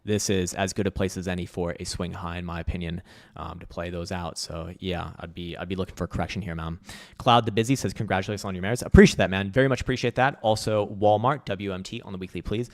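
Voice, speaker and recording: A man's voice: deep voice, fairly even intonation, quick pace, no room sound, clean studio sound. A man giving casual, rambling chart commentary on a livestream, loose and profane, full of fillers. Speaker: market analysis streamer.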